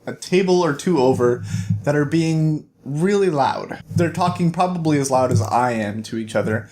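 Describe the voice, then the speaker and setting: A man hosting a casual book review video, chatty and animated, acting out the characters as he retells the story. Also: a little high, normal speed, slight background noise.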